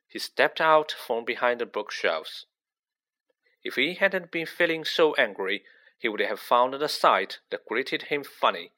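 A man narrates a storybook with expressive, measured pacing. His voice is bright and clear, and his pitch moves in a lively way through every sentence. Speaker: audiobook narrator.

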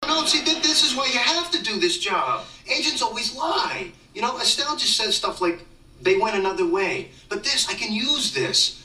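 Easygoing, dim young actor. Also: male voice, extremely high pitch, animated, normal speed, pushed and bright, full character voice. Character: young male struggling actor, dim but good-natured. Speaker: actor in a sitcom clip. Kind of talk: sitcom acting. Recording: roomy distant sitcom soundtrack with background noise.

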